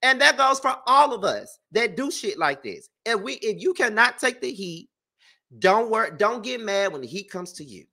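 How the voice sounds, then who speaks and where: A man's voice: high-pitched, sing-song, normal speed, vocal fry, bright, forceful tone. A male channel host giving a blunt, profane, emphatic commentary rant that keeps hammering the same points. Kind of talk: ranting commentary vlog.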